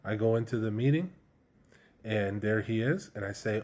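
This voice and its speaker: A man's voice: fairly low pitch, normal speed, darkish tone. A man casually telling a personal story to camera, candid and chatty, with slang and lots of fillers. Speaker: vlogger sharing a personal story.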